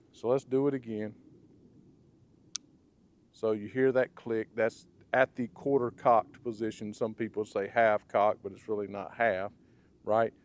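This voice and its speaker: A man with a raspy, hoarse voice from blocked sinuses gives a casual hands-on product review. He talks conversationally and ends his points with "okay?" and "right?". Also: mid-range voice, a little mellow. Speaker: firearms reviewer.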